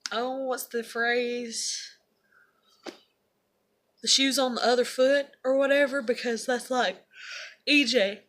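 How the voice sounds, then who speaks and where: A woman's voice: a little high, fairly even intonation, slow pace, pauses often, a bit bright. A woman talking casually to camera in a confessional vlog, rambling with lots of fillers and swearing. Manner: rambling, profane, many fillers. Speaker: vlogger.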